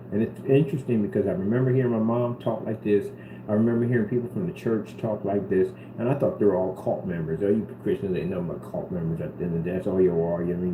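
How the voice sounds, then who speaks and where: Earnest rambling man, fairly low voice, roomy room with background hum. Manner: earnest and rambling, repeats himself. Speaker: vlogger. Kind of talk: casual talk to camera. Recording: roomy with steady background noise.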